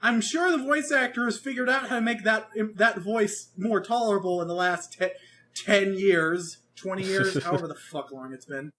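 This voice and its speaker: A man co-hosting a podcast, chatting casually in an animated, rambling way, with lots of swearing and restarts. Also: high voice, normal speed. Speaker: podcast co-host reviewing an anime. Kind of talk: casual chat.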